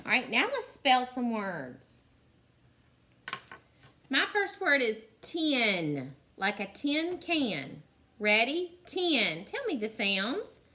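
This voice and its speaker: A woman teaching a phonics lesson to young children, sounding out letters slowly and deliberately and praising often. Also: fairly high pitch, sing-song, bright, forceful tone.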